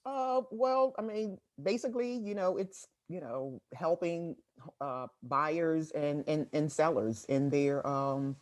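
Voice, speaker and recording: Middle-aged woman from Washington, D.C., unhurried delivery, chuckles often, dry close sound. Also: low-pitched, darkish tone, no room sound. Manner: laughs often, halting with fillers. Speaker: guest writer and real estate agent. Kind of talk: casual interview conversation.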